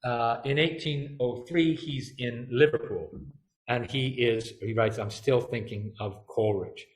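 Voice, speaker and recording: A man's voice: mid-range voice, fairly even intonation, a little slow, roomy sound. A man giving a public lecture in a chatty way, full of fillers and playful quoted asides.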